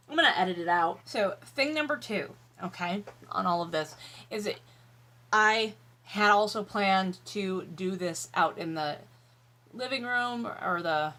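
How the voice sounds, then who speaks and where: Woman vlogger, tired, candid, chatty, swears freely, bright voice, home office. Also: mid-range voice. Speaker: YouTube vlogger. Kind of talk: casual chatty vlog while eating.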